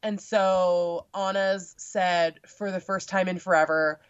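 A young woman chatting casually about a cosplay meetup, with lots of filler words and animated quoting. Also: lowish voice, slow, smooth, no echo. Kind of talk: casual chat. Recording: dull lo-fi sound.

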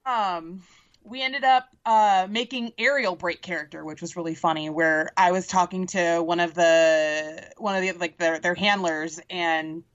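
A woman co-hosting a podcast, casually telling an animated story, swearing and laughing as she goes. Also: on the low side, dull audio. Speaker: podcast co-host. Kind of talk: casual chat.

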